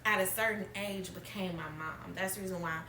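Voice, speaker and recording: Candid and emotional, this Alabama woman hosts a personal podcast conversation, swinging between tears and laughter. She talks fairly quickly with a medium pitch, fairly even intonation, and a sharp tone, and the distant mic in an echoey room picks up a little hiss or hum.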